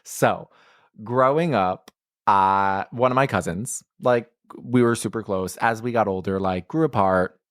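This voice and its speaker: A man co-hosting a podcast in casual chat, animated, laughing often and swearing freely. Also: lowish voice, measured pace, dry recording, clean studio sound. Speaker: podcast co-host.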